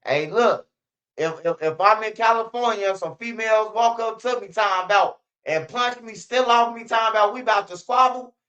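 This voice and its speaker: Man from Chicago hosting a street-news commentary channel. High, bright voice. Slangy storyteller who acts out the quotes. Lo-fi sound. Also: normal speed. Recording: dull lo-fi sound.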